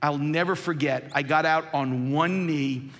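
A man in his fifties preaching a sermon as a pastor, with emphatic delivery that swings between loud peaks and low, quiet storytelling. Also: fairly even intonation, a little slow. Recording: reverberant hall.

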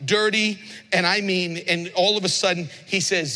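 A man's voice: sits high, steady tone, moderate pace, bright, forceful tone. A man preaching a sermon, telling stories animatedly and asking the congregation rhetorical questions. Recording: long reverb of a large hall.

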